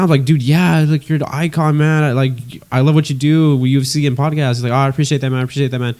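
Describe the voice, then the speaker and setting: A young man co-hosting a podcast, telling an excited story in casual chat and swearing a lot. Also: medium pitch, fast talker, few pauses. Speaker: podcast co-host.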